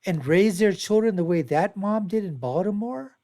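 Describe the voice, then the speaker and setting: A man's voice: high voice, lively intonation, moderate pace, warm tone. A man hosting his own show, giving rambling, repetitive, emphatic commentary on video clips. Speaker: show host.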